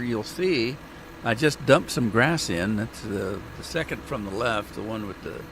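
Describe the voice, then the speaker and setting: A man's voice: mid-range voice, fairly bright tone, no echo. A man casually talking through a farming game on a live stream, joking with his chat. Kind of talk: casual gameplay commentary.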